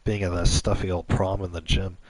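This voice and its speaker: A man voicing a laid-back teenage boy who skipped prom, with casual, low-key delivery. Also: flat delivery, brisk, a little hiss or hum, natural voice. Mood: easygoing.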